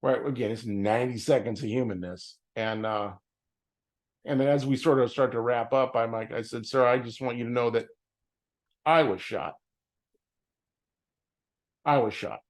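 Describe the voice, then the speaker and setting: A middle-aged man telling a personal story in an earnest, emotional way, often repeating phrases for emphasis. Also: medium pitch. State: tearful at times. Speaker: vlogger.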